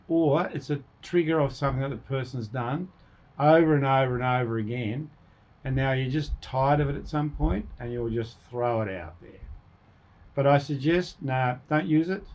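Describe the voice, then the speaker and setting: A man's voice: mid-range voice, darkish tone, dull audio. Rambling male radio co-host. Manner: rambling, acts out quoted insults. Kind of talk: casual radio chat about conflict. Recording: radio studio.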